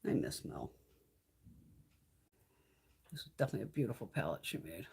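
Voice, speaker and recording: A woman talks casually on a live beauty stream while she does her makeup. She is blunt and swears constantly, and her pitch jumps up and down as she chats. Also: sing-song, moderate pace, vocal fry, a little mellow, breathy edge. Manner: profane, chatty and blunt. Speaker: beauty vlogger.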